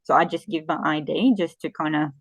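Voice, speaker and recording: A woman in her forties from the Philippines, a guest in a casual interview, telling animated stories that often restart mid-sentence. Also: low voice, fairly quick, no room sound. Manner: animated storytelling with frequent restarts.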